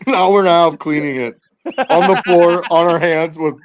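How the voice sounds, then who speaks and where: Guy on a podcast rambling thru stories, laughing a bunch, a bit higher pitched. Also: steady tone, normal speed. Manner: rambling, laughs often between lines. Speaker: podcast guest, tournament angler. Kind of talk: casual storytelling chat.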